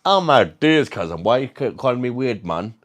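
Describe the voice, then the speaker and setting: A man's voice: mid-range voice, very animated, moderate pace, a bit bright, pitched above the performer's own voice. A man putting on a slangy young street-lad voice that calls people cousin. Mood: outraged.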